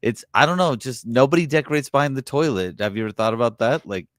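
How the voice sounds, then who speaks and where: A man's voice: mid-range voice, animated, quick pace, a bit bright, dry recording, clean studio sound. A man co-hosting a casual gaming podcast, laid-back and teasing, laughing often. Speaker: podcast co-host.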